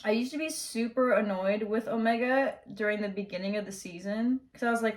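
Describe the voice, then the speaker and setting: A young woman chatting casually in her bedroom while she does her makeup, high-energy and slangy. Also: a little fast, few pauses. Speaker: beauty vlogger. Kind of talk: casual get-ready-with-me chat.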